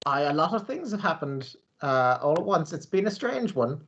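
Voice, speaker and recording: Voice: medium pitch, very animated, normal speed, fairly bright tone, dull audio. A laid-back, wry player in a tabletop game. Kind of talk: casual tabletop game chat.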